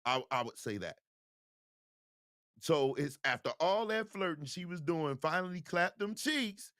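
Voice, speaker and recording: A man's voice: fairly high pitch, measured pace, no room sound, studio quality. A man hosting a video show, talking casually and straight to his viewers. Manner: animated, talks straight to viewers. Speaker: show host.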